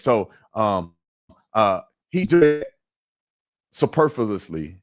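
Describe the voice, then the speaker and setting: A man's voice: mid-range voice, lively intonation, moderate pace. Give me a man hosting a live reaction show, emphatic and repeating words as he gets going, with a mid-range voice. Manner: emphatic, repeats words when starting a point. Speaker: host.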